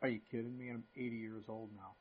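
A man's voice: medium pitch, level tone, fast, breathy edge. A pastor in his fifties preaching a sermon in a conversational way, with sudden emphatic rises. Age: 50s. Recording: muffled lo-fi recording.

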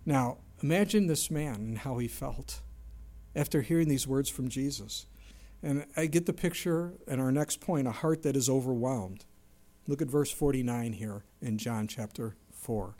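At a moderate pace, a middle-aged pastor preaches with lively energy, suddenly shifting pitch and volume to act out the voices he quotes.

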